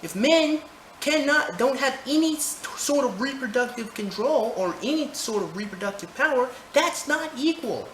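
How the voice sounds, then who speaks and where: A man's voice: very high-pitched, animated, normal speed, fairly bright tone. A man ranting his opinions to camera, heated, profane and rambling, recorded indoors. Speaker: vlogger. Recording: roomy echo, faint background noise.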